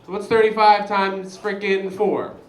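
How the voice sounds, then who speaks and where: A young man performing a stand-up comedy set, chatty and animated, talking straight to the crowd. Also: sits high, a little slow, reverberant, rough recording. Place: comedy show venue.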